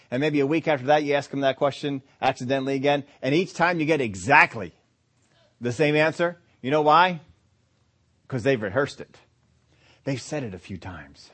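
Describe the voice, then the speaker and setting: A man preaching a sermon, emphatic, slowing down to stress key phrases and acting out quoted complaints. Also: medium pitch. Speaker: pastor.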